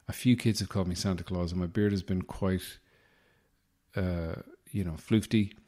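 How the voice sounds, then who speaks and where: A man's voice: low-pitched, fairly even intonation, moderate pace, mellow. An Irish man hosting a podcast, delivering a rambling, self-deprecating comic monologue with a wry manner. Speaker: podcast host.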